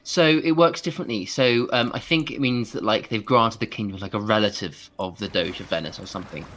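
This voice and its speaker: Male co-host, bright and forceful tone, playful, punny. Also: fairly low pitch. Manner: playful, quick with wordplay and asides. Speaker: co-host and adviser on a game stream. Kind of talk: casual live-stream chat.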